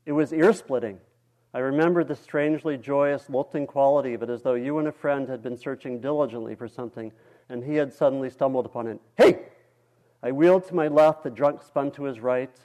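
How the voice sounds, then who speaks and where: A male meditation teacher reading a story aloud during a dharma talk, in a calm, measured way. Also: mid-range voice.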